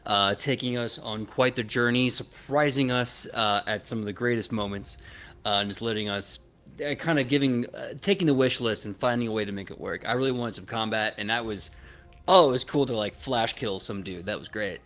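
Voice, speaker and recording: A man's voice: mid-range voice, fairly quick, a bit bright. Enthusiastic man thanking his table. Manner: enthusiastic, frequent "uh" fillers. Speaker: player. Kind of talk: post-game wrap-up chat.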